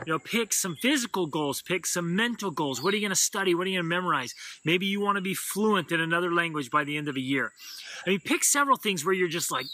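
A middle-aged man giving an energetic motivational talk as host, acting out quoted lines with enthusiasm. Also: high-pitched, fast, a little hiss or hum.

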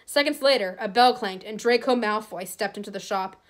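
A woman teacher reading a novel aloud to her class, expressive, with small slips and restarts. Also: medium pitch, moderate pace.

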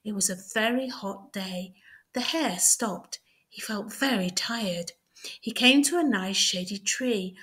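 A woman tutor reading a children's story aloud, clear, deliberate and expressive. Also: mid-range voice.

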